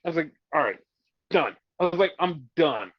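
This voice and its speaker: A man's voice: fairly high pitch, lively intonation, normal speed, breathy edge, dry recording, highs cut off. A man co-hosting a podcast, ranting with exasperation about a wrestling show and swearing freely. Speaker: podcast co-host. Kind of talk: casual wrestling review chat.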